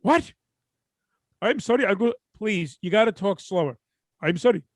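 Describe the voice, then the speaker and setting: Man playing a formal, eager call center rep with an Indian accent, pitched high. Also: lively intonation, normal speed, dry recording, studio quality. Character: overly polite male call center rep.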